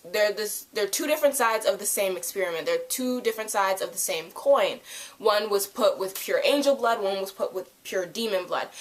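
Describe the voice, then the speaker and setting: A young woman reviewing a TV episode in a casual, rambling chat to camera, full of "like" and quick asides. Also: mid-range voice. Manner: rambling, animated, lots of "like".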